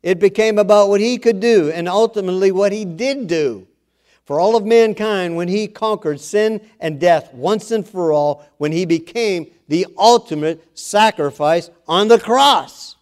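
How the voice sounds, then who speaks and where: A man delivering a sermon at an unhurried, drawn-out pace. His voice sits a little higher than most men's, and he builds from quiet, earnest teaching into raised, forceful exhortation. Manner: earnest preaching, swelling louder and higher when exhorting; self-deprecating asides. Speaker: preacher.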